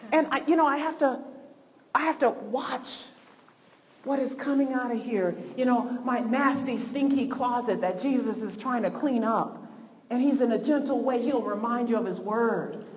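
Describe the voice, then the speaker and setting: A woman leading an informal church lesson, talking in a conversational, repetitive and lively way. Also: a little high, normal speed, in a large hall, a little hiss or hum, poor audio. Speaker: Bible study teacher. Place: church hall.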